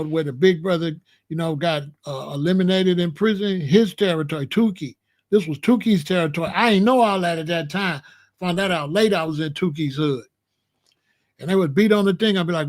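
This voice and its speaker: A man from Chicago, hosting his show, telling a story in a casual, slangy monologue and acting out the other people's lines. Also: high voice. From Chicago, USA. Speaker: show host.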